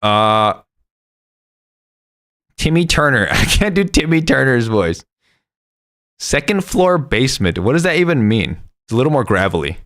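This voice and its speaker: During live gaming commentary, a young man reads a story game's text aloud with playful voice changes and chats with viewers. His medium-pitched voice is very animated yet unhurried, a bit bright, and he pauses often.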